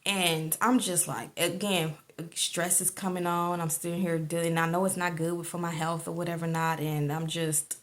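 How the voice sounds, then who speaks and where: Lady with a lowish voice just talking, rambly story, lots of "or whatever". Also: little pitch movement, normal speed. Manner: rambling, colloquial, many fillers like "or whatever not". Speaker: vlogger sharing a personal testimony. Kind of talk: casual storytelling.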